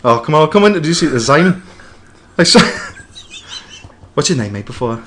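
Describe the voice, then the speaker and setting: A man's voice: on the high side, lively intonation, normal speed, a bit bright, a little hiss or hum. A man playing an overfamiliar, creepy man who chats up a stranger in an improvised comedy sketch. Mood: creepy friendly. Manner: overfamiliar, chummy, calls everyone mate.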